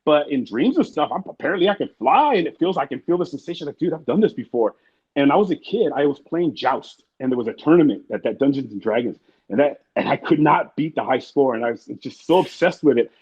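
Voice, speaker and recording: Fast-talking husky man telling stories. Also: fairly high pitch, expressive, a little mellow. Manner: rambling, profane, acts out quotes. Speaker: interview guest. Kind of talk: casual storytelling. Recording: muffled lo-fi sound.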